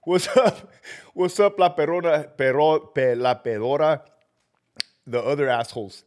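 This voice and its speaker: A man's voice: fairly high pitch, animated, moderate pace, a little mellow. Profane, ranting sick man on a livestream. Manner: profane, ranting, laughing often. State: sick and feverish. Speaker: livestream host and former prison officer. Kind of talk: casual livestream chat with viewers.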